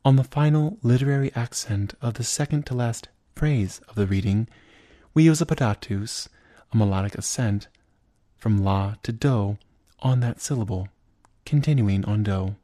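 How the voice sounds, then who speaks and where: A man teaching liturgical chant, explaining each step in a measured way and then singing chanted examples. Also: medium pitch, mellow, no echo. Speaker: chant instructor. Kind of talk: spoken lesson with sung examples.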